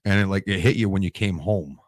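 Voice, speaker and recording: A man's voice: deep voice, brisk, dry recording, studio quality. A veteran man in his forties, telling war stories in a casual interview, emotional and tearing up, swearing and restarting his sentences. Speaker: Marine veteran guest.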